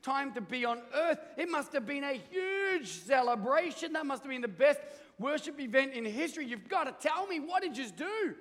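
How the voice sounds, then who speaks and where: A man voicing an excitable male alien who fires off breathless, awestruck questions. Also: very high voice, normal speed, voice pushed up. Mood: eager. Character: excitable male alien visitor from far away. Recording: echoey church hall.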